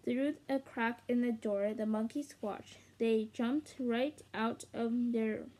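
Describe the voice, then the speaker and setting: A woman reading a children's book aloud as a channel's storyteller, with lively dramatic emphasis. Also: fairly high pitch, slow pace. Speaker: storybook reader.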